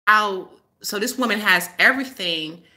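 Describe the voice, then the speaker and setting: A woman's voice: mid-range voice, normal speed, bright, forceful tone. A woman hosting a casual live-stream chat as a spiritual healer, rambling and laughing often as she tells stories.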